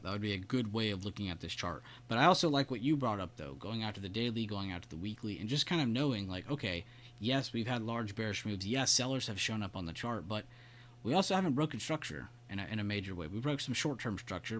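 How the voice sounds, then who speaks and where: Hiccupping as he goes, a livestream trading host comments on the market in a lowish, fairly bright voice with lively intonation and quick delivery. He casually walks through charts and compliments viewers by name, with slight background noise.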